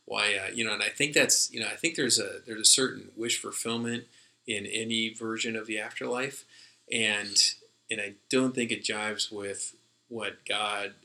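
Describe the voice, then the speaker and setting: A man's voice: on the low side, steady tone, moderate pace, creaky, sharp tone, poor audio. A man co-hosting a casual discussion, rambling with many fillers and restarts as he thinks aloud. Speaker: podcast co-host.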